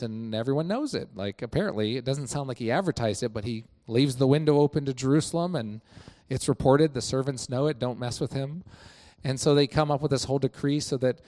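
A man talks through stories he loves in a loose, conversational way, full of "you know" and restarts. He slips into quoted lines with a lifted, excited voice, then drops back down. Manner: animated storytelling, acts out quoted lines with rising pitch; many fillers like "you know". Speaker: church member sharing reflections. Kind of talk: casual faith talk.

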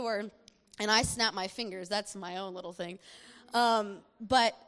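A young woman sharing a personal testimony in a chatty, animated way, laughing often as she speaks. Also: medium pitch, unhurried. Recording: long hall reverb.

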